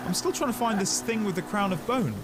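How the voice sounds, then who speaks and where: A man streaming a video game live, chatting casually with his viewers, animated and quick to laugh at himself. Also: high-pitched, noisy background. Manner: animated, laughs often, self-deprecating asides to chat. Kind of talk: casual live gaming commentary.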